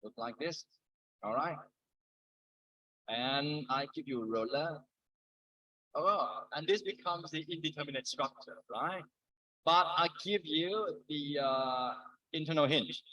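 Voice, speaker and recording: A man's voice: fairly high pitch, takes it slowly, pauses often, pushed and bright, rough recording. A middle-aged man lecturing a university engineering class live, mixing explanation with chatty, joking asides.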